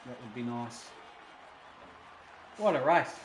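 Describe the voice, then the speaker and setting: A man commentating a sim racing stream, getting loud and excited at the action. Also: medium pitch, slow. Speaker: esports race commentator. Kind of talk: live stream race commentary. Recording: roomy with faint noise.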